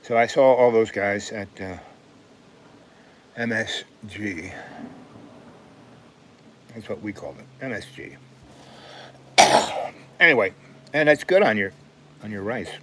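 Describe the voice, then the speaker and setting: An older man from New York City hosting a live stream, telling rambling stories and often clearing his throat. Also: on the low side, slow, long pauses, a bit bright, slight background noise. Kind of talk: rambling storytelling.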